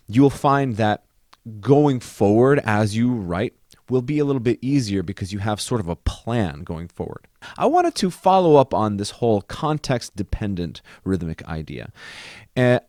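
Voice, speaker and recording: Lively-voiced man teaching composition. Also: medium pitch, no echo, clean studio sound. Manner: speaks lyrics aloud to find their rhythm; counts beats aloud over piano chords. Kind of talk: music composition lesson. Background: faint piano.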